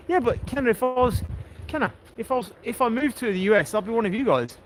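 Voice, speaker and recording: A man's voice: high-pitched, sing-song, fast. A man with an English accent, joking and chatting casually during a walking livestream outdoors. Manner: chatty, joking, laughs often. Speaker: livestream host. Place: outdoors on a coastal walk. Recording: outdoor noise behind.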